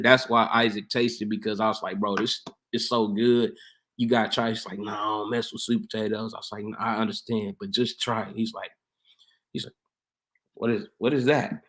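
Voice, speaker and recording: A young man, a barber and home cook, talking casually as an interview guest, laid-back and laughing often, getting animated when he quotes people. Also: on the low side, a little fast, slight background noise. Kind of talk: casual conversational storytelling.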